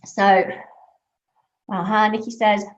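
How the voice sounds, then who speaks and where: A woman's voice: mid-range voice, takes it slowly. A woman, a breakup coach, giving upbeat advice in a live question-and-answer talk, telling stories with acted-out voices. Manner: animated, storytelling with acted-out voices. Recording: echoey room, dull lo-fi sound.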